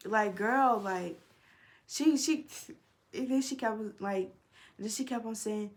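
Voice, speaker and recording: A young woman tells a personal story to camera in a loose, animated storytime vlog. She swears freely and keeps talking straight to her viewers. She is recorded indoors on a camera microphone. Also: mid-range voice, unhurried. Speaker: vlogger.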